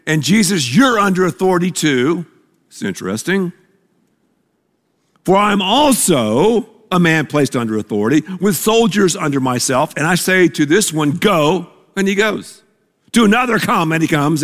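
Emphatic preacher in a reverberant hall. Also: male voice, high-pitched, fairly bright tone. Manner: emphatic, asks the congregation to repeat words. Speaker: pastor. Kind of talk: sermon.

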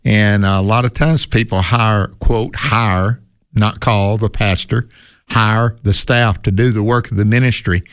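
Man, low-ish voice, bible discussion co-host, reflective, dry recording. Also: steady tone, unhurried, clear, resonant tone, no room sound. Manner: reflective, asks leading questions.

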